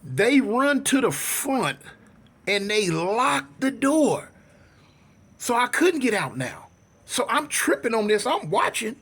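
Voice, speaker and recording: A man's voice: very high-pitched, measured pace, breathy edge. A man telling a wild street story casually, full of slang, dramatic asides and acted-out dialogue. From United States. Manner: animated, slangy, dramatic retelling.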